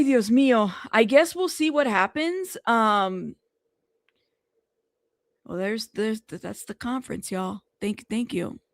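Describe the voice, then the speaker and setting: A chatty woman hosts a casual news livestream, talking to her chat with plenty of fillers. Her voice is fairly high with a gravelly edge, and it sounds close and dry. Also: a bit bright, no echo. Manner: chatty, talks to live chat, many fillers. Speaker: news show host.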